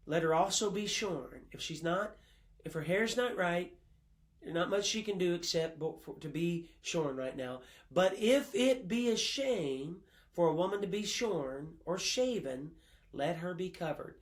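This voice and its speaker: Male Bible college professor with a high voice, lecturing a class emphatically and pausing often on fillers. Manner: emphatic, quotes sources, frequent uh fillers.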